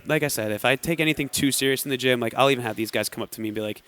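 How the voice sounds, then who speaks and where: A man's voice: medium pitch, racing. A young American man, a guest athlete, chatting casually on a podcast and acting out quotes as he tells stories. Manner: animated storyteller acting out quotes.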